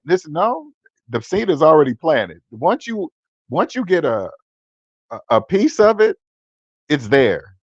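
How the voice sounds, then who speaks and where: A man's voice: a little high, sing-song, unhurried, pauses often, breathy edge, dry recording, lo-fi sound. Blunt preachy man in his fifties. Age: 50s. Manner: blunt, preachy, repeats words for emphasis. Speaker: personal finance channel host. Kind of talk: casual livestream-style monologue.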